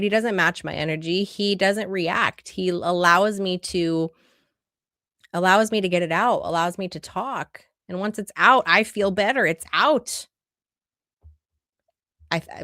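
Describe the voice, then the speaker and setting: Slow-talking earnest woman coach. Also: lowish voice, fairly bright tone, dry recording, clean studio sound. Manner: earnest, conversational, rhetorical questions. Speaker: relationship coach. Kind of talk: livestream masterclass talk.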